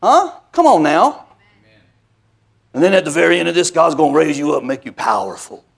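A man's voice: on the high side, very animated, brisk, gravelly. A male pastor preaching a sermon, telling folksy stories with call-and-response asides and building into emphatic, repetitive cadences.

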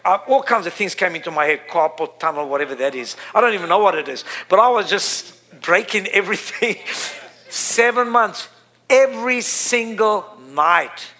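A man preaching a sermon, emphatic, repeating his phrases and building to loud peaks. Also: sits high, animated, moderate pace.

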